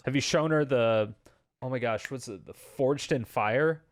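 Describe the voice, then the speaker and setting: A man teasing and joking on a casual podcast, animated and giggly. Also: mid-range voice, a little slow. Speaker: podcast co-host. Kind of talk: casual chat.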